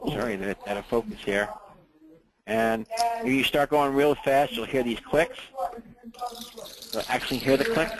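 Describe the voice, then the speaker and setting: A man teaching a ham radio class in a relaxed, chatty way, often checking in with the room. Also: mid-range voice, rough recording.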